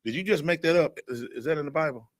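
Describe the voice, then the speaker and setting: A man teaching a blunt, animated Bible lesson who acts out other people's voices as he goes. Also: fairly high pitch, fast talker. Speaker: scripture teacher. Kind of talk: fiery street-style Bible lesson.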